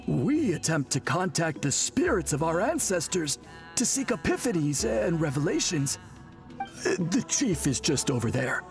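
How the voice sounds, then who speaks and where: A voice actor playing a courteous tribal priest in a video game, speaking in a polite, formal way. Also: mid-range voice. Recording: game audio under clear music.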